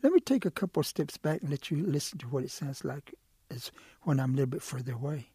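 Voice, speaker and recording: A man's voice: mid-range voice, expressive, quick pace, dark tone, breathy edge, no echo, studio quality. A man voicing an eager, sly male quail in a told animal story, talking in a pleading, wheedling way.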